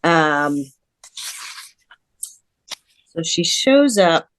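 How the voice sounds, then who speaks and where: A woman in her fifties, a guest author in a casual interview, lively and chatty and often restarting her sentences. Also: low-pitched, slow pace, a little hiss or hum.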